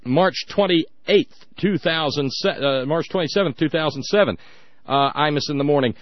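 A man's voice: fairly high pitch, moderate pace, no echo, highs cut off. A man hosting a radio talk show, giving sarcastic, emphatic commentary with frequent restarts.

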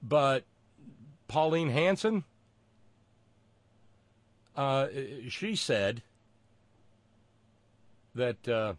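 A man hosting a political talk show, with wry, sarcastic asides and many pauses and fillers. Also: mid-range voice, lively intonation, dry recording.

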